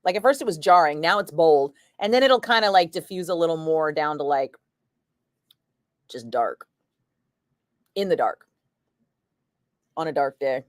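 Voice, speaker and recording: A woman's voice: low voice, expressive, a little slow, pauses often, no room sound, clean studio sound. A woman chatting casually on a livestream, reading viewer comments in a wry, chatty way that slips into swearing, tired from a migraine. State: battling a migraine. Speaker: radio host streaming live chat.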